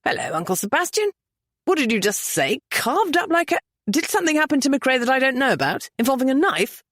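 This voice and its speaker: A woman's voice: high voice, very animated, brisk, a bit bright, no room sound, studio quality, voice pushed up, exaggerated voice. A woman voicing a blunt young man who questions everyone with bemusement. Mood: bemused.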